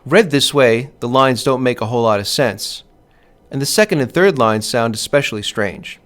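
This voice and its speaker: A male teacher narrates a scripted poetry lesson in a voice of ordinary pitch for a man. He talks in a measured way. When he reads lines of verse aloud, he leans on the stressed beats. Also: a bit bright.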